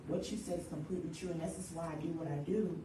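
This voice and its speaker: A woman's voice: fairly low pitch, a little hiss or hum. Echoey far-off woman counselor. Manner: lively, acts out quick everyday quotes, laughs often. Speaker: grief counselor leading a workshop. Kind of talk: church workshop talk. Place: church hall.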